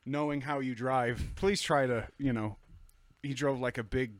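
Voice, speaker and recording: A man swaps stories as a podcast guest, his voice sitting at an everyday pitch. He curses often and jumps louder whenever he acts out what someone said. The sound is dry and close, with no room echo. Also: unhurried. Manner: animated, swears often, acts out quoted lines loudly. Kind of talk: casual storytelling.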